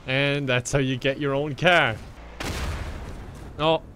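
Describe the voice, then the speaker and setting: A man's voice: medium pitch, fairly even intonation, takes it slowly, sharp tone, a little hiss or hum. A young man giving chaotic, mischievous gameplay commentary. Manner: chaotic, mischievous, frequent laughter. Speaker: gaming YouTuber.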